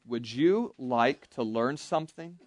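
This camp Bible teacher has a mid-range voice and sounds animated, taking a slow pace with no echo. He quizzes young campers during an interactive Bible lesson and leads them through call-and-response.

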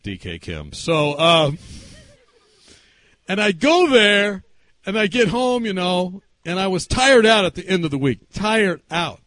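A man preaching a sermon through a personal story, animated and swinging between loud and hushed delivery. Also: sits high, measured pace, no room sound.

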